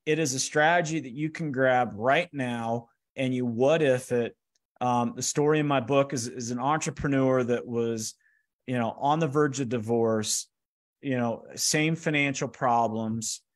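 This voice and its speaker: A man telling stories in a lively motivational talk, acting out the lines of the people in them. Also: medium pitch, a little slow. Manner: energetic, acts out quoted dialogue. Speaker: speaker giving a finance workshop. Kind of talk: animated motivational storytelling.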